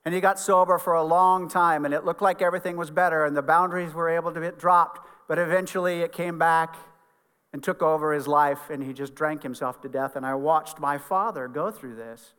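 A man's voice: fairly high pitch, fairly even intonation, fairly quick, fairly bright tone, clear, resonant tone. Man preaching in a reverberant hall. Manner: conversational, earnest storytelling. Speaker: pastor. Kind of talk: sermon. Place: church sanctuary.

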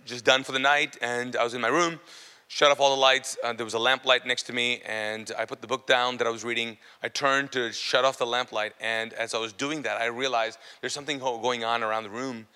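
A man giving a personal testimony to an audience, telling his story with animated, self-mocking humor. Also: mid-range voice, brisk, clean tone, big-room sound.

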